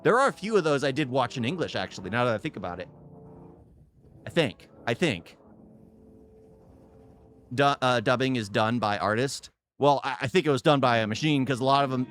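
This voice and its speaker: A man's voice: medium pitch, animated, moderate pace, long pauses, fairly bright tone, faint music behind. A man giving casual, off-the-cuff reaction commentary, rambling and repeating phrases for emphasis. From United States. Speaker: reaction video host.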